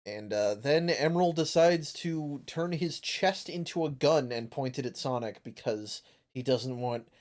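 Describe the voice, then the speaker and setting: A man's voice: mid-range voice, animated, measured pace, a little mellow. A man hosting a casual comic review chat, rambling and joking with fillers and swearing. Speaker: podcast host.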